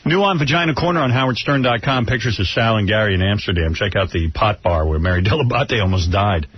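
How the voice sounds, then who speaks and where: A man's voice: fairly low pitch, expressive, fast, a little hiss or hum. A male radio host in crude, joking casual chat. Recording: muffled radio broadcast.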